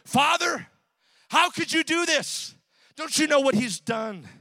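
Preacher doing a whiny older brother, way up high, accusing and loud. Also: male voice, lively intonation, takes it slowly, no echo, heavily acted. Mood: indignant. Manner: pleading, accusing, high-pitched complaint. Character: indignant jealous older brother, grown man.

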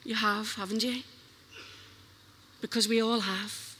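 A woman's voice: fairly high pitch, fairly even intonation, takes it slowly, pauses often, pushed and bright, breathy edge. A woman preaching a sermon, earnestly questioning her listeners. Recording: long hall reverb.

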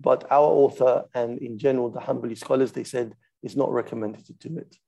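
Male religious teacher, methodical explainer, warm gravelly voice, steady and unhurried. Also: medium pitch. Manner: patient, methodical, stops to demonstrate recitations. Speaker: Islamic studies teacher. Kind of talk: explaining a classical text.

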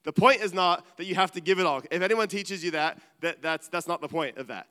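A middle-aged man preaching a sermon, earnest and animated, dropping to quiet asides. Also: high voice, a little fast, clean tone. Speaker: pastor. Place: large church hall. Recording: reverberant church hall.

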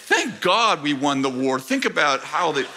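A middle-aged man preaching a sermon to his church, animated and joking with the congregation, asking rhetorical questions. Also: on the high side, moderate pace, background noise. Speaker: pastor. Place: church sanctuary.

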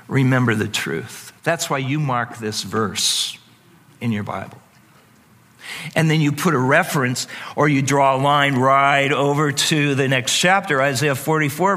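A man preaching a sermon to a congregation, animated and playful, acting out voices with sudden jumps in pitch. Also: a little slow. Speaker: pastor.

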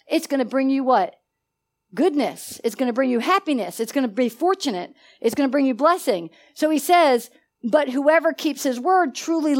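A woman preaching a sermon with animated energy. She laughs often and prompts her listeners to finish her sentences. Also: sits high.

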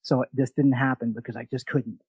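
New guy hosting a podcast, animated storyteller, swears a lot, mid pitch, dead dry sound. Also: a little fast, breathy edge, no echo. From New York. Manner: animated, mimics other voices in quotes, swears casually. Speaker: podcast host. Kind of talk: casual storytelling chat.

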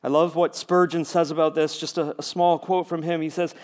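A man preaching a sermon as a pastor, talking conversationally, building to emphatic repeated lines and dropping to hushed near-whispers. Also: fairly high pitch, level tone, brisk, hardly any pauses.

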